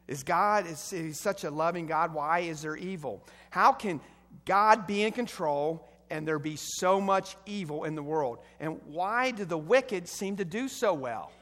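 Brief: middle-aged male pastor, high voice, emphatic sermon delivery, long hall reverb. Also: a bit bright. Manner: emphatic preaching with rising volume bursts.

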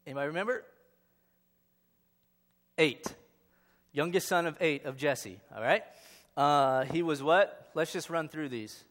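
A man's voice: on the high side, measured pace, long pauses, fairly bright tone. A man giving a casual Bible lesson to a group, joking and quizzing his listeners as he reads scripture aloud. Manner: joking, conversational, quizzes the audience. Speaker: Bible teacher. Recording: long hall reverb.

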